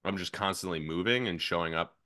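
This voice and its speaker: A man in his thirties, a podcast guest and fitness coach, telling animated stories with lots of fillers and quick swings between excitement and hushed asides. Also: low voice, no room sound, clean studio sound. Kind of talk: casual podcast chat.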